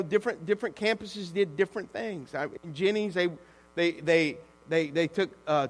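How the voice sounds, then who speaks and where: A male pastor preaching an animated, conversational sermon that calls out to the congregation. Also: high-pitched, in a large hall.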